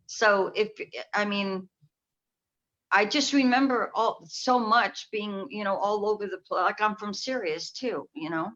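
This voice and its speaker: A woman's voice: mid-range voice, measured pace, a bit bright. A woman from New York, a clairvoyant guest, telling her story in a rambling way that trails off and restarts. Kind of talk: casual interview chat. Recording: dull lo-fi call audio.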